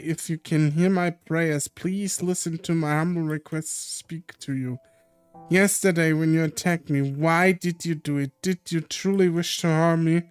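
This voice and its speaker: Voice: medium pitch, clear, resonant tone. A streamer reading a visual novel aloud in an earnest, emotional way.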